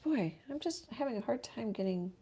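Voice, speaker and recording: Brief: woman art teacher on a studio livestream, gravelly fry, thinks aloud while painting. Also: fairly high pitch, animated, normal speed, dark tone. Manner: musing, self-talk while painting, trails off. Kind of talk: casual painting livestream commentary.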